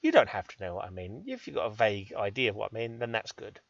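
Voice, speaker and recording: A man's voice: lowish voice, big pitch swings, fast, dry recording, highs cut off. An English man rambling cheekily through gameplay commentary, joking at his own expense. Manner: cheeky, self-deprecating, chatty. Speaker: gaming channel host.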